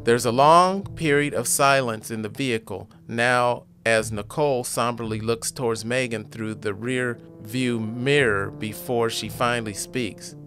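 A man narrates a story aloud as its reader, in a steady, measured way. His voice sits at an ordinary middle pitch. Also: soft background music. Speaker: audiobook reader.

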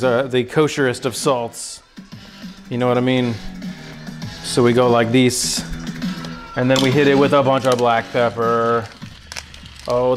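A man streaming a casual cooking lesson from his home kitchen, rambling and joking with his chat. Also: medium pitch. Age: adult. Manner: rambling, jokey, talks to chat.

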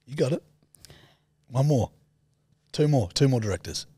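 A man's voice: medium pitch, expressive, normal speed, dark tone, husky, no echo. A man hosting a podcast in casual chat, teasing and playful, laughing often. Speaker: podcast host.

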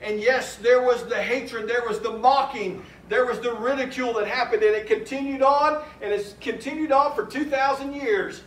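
A man preaching a sermon as pastor, earnestly reciting hymn verses slowly and urging his congregation on. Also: very high voice, fairly bright tone, slight background noise. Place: church sanctuary. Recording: echoey church room from a distant mic.

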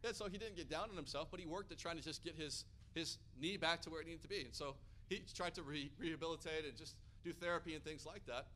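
An American man preaching a sermon, energetic and building to loud, emphatic peaks. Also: on the high side, quick pace, hardly any pauses, a little hiss or hum.

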